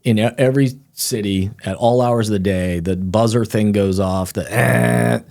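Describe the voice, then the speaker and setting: Middle-aged male author guest, lower register, lively storyteller who mimics the people he quotes. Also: moderate pace, vocal fry. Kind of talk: casual interview storytelling.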